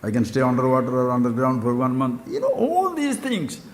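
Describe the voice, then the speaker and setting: Lively older Indian man teaching in a hall. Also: brisk. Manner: expressive, swings between loud animated questions and low quiet asides. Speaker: spiritual teacher. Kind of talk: spiritual talk.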